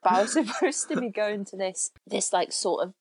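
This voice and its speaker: A woman's voice: mid-range voice, animated, normal speed, husky. A young woman telling a story in casual chat, rambling and chatty, with many "like" fillers.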